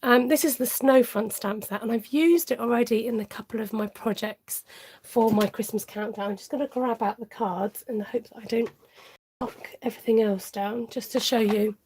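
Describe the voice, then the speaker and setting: A woman's voice: a little high, fairly even intonation, moderate pace, darkish tone, slight background noise. A woman hosting a live papercraft tutorial in a friendly, chatty way, greeting viewers by name and laughing often.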